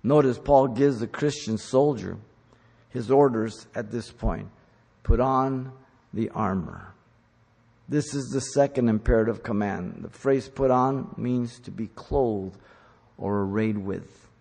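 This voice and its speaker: A man preaching a sermon, teaching in an emphatic style that rises to loud commands. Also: medium pitch, takes it slowly, gravelly. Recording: long hall reverb.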